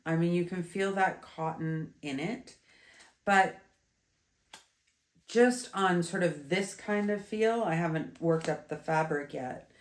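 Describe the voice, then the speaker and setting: Slow, low-voiced stuffy woman. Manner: chatty, meandering, with many fillers and restarts. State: stuffy, congested. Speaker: yarn reviewer. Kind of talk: casual video review. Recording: roomy echo.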